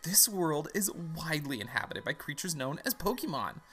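A man's voice: on the high side, sing-song, normal speed, bright, forceful tone, pitched above the performer's own voice. A man doing Professor Birch, grand and sing-song. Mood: grandly welcoming. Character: cheerful middle-aged male Pokemon professor.

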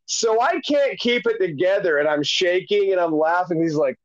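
Podcast guest, man, high animated voice, profane, laughs a lot; dry, slightly muffled recording. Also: normal speed, no room sound. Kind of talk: casual chat.

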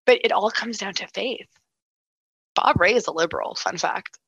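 A woman co-hosting a casual political chat, animated and quick, full of restarts and "like". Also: medium pitch, creaky, slightly rough, dry recording, rough recording. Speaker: political commentator, co-host.

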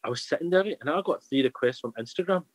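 Fast-talking candid young guest, rambling. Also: male voice, fairly high pitch, animated, no echo, poor audio. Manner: rambling, candid, restarts a lot. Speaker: podcast guest. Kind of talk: casual chat.

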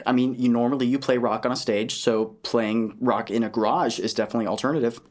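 A male host talks through a casual chat, joking and rambling with a self-deprecating streak. His voice sits at an ordinary middle pitch. His delivery is loose and easygoing. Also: fairly even intonation, fast talker, few pauses, darkish tone.

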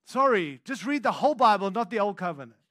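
High-voiced man preaching a sermon. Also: big pitch swings, fast talker, no echo, clean studio sound. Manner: swings from hushed intimate lows to loud emphatic declarations; conversational asides to the congregation. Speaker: pastor.

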